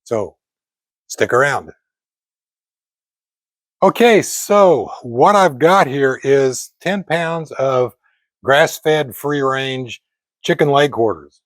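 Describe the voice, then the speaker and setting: An older man casually talking to camera while grilling outdoors, in a chatty, meandering way with frequent pauses and self-corrections. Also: medium pitch, expressive, a bit bright, no room sound. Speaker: fitness vlogger cooking at a grill.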